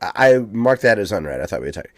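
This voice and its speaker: A man's voice: fairly low pitch, very animated, fast talker, no echo, clean studio sound. An American man co-hosting a podcast, chatting casually and rambling with lots of ums. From United States. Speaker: podcast co-host. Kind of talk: casual chat.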